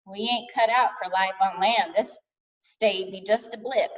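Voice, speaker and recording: A woman voicing a young pirate boy who talks in a rough pirate way, for a storybook reading. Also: medium pitch, steady tone, a little slow, lightly acted. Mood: proud. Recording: distant dull lo-fi sound.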